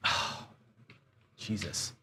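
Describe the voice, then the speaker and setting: A man hosting a live online craps stream, chatting to viewers and getting frustrated and cursing as he loses. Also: bright, forceful tone. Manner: frustrated, swearing, talks to chat. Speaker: online casino game host. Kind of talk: casual live-stream commentary.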